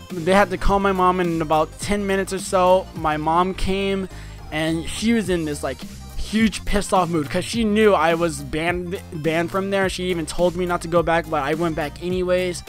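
Young guy vlogging a story, kinda high voice, rambly, lots of like and you know, faint music behind. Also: moderate pace. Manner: rambling, fillers and restarts, animated retelling. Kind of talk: casual storytelling.

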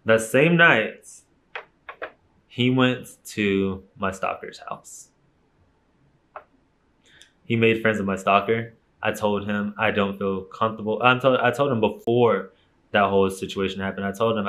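A man's voice: on the low side, measured pace, pauses often, a bit bright. A young man telling a personal story straight to camera in a casual vlog, candid and emphatic, swearing freely. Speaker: YouTuber.

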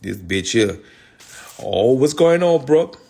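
A man's voice: mid-range voice, very animated, slow, creaky, mellow, husky. A man hosting a casual livestream, talking in loose street slang, repeating himself and calling out viewers by name. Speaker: livestream host.

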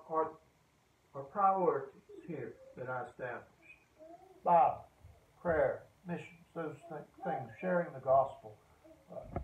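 A man preaching in a church with a fervent voice that climbs fairly high when he exhorts. He sounds distant from the mic. It is a thin, phone-like live-stream recording that echoes around the sanctuary. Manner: fervent, rising to loud exhortation. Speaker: pastor. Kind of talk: sermon.

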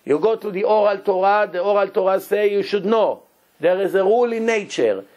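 A man, a rabbi, giving a Torah lesson in animated, broken English and acting out quotes. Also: sits high, fairly quick. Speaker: rabbi teaching a Torah class.

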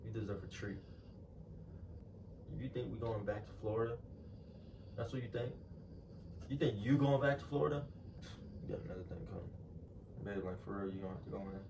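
A man's voice: on the low side, a little fast, pauses often. A young man in a casual argument at home, talking in a teasing, slangy, laid-back way. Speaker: prankster vlogger. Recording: roomy, distant and noisy.

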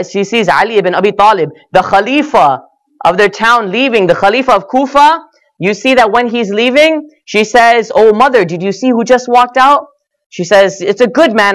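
A man's voice: high-pitched, a bit bright. Guy preaching a sermon, earnest storyteller, voice rises and drops on the quotes. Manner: earnest, acts out quotes with rising and falling emphasis. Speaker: speaker at a religious gathering.

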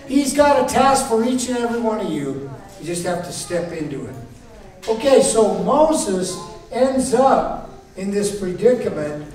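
A man's voice: high-pitched, darkish tone. A male pastor preaching a sermon with a playful, storytelling manner, acting out scenes. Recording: very echoey hall, voice from far off.

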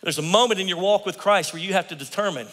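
A man preaching a sermon as pastor, animated and playful, slipping into mock voices. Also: sits high, fast. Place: church sanctuary. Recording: long church reverb.

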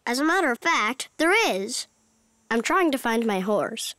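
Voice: mid-range voice, expressive, unhurried, bright, forceful tone, dry recording, studio quality. An actor voicing a wry, easygoing cartoon farmer who is searching for a horse. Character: friendly farmer looking for a horse.

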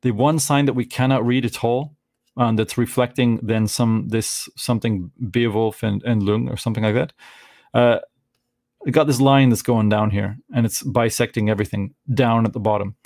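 A man's voice: medium pitch, fairly even intonation, normal speed, a little mellow, no echo, studio quality. A middle-aged man rambling through casual commentary on photographs, searching for words and restarting often. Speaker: vlogger.

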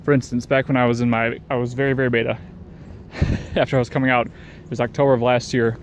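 A man's voice: medium pitch, little pitch movement, quick pace. Give me a man with an ordinary mid-range voice in a rambling, foul-mouthed monologue, with faint noise behind him. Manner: rambling, profane, repeats himself; chuckles between sentences. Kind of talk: casual monologue rant.

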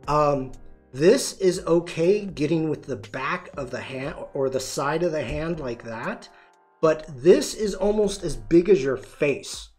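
A man hosting a live-streamed photography tutorial, chatty and demonstrative, greeting viewers and answering chat as he shows poses. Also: on the high side.

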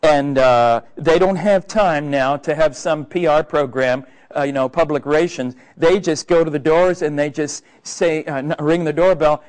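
A man's voice: a little high, normal speed, few pauses, darkish tone, rough recording. A male preacher giving a sermon in a conversational, earnest way, with many hesitations and fillers.

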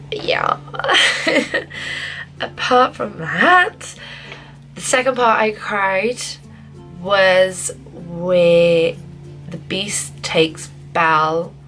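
A young woman vlogging a casual film review, gushing and excitable, often restarting her sentences. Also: fairly low pitch, gravelly, rough recording. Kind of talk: casual spoiler review to camera.

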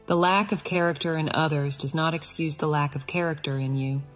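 A woman reading an audiobook, voicing a calm female spirit named Patience. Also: sits low, fairly quick, faint music behind. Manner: calm, steady.

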